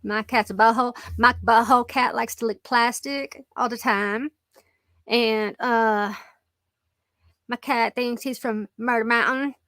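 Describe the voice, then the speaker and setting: A woman's voice: on the high side, steady tone, takes it slowly, fairly bright tone, dry recording, clean studio sound. A middle-aged woman hosting a casual live-stream chat, rambling and joking about her pets and laughing often as she reads comments. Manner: rambling and jokey, laughs a lot.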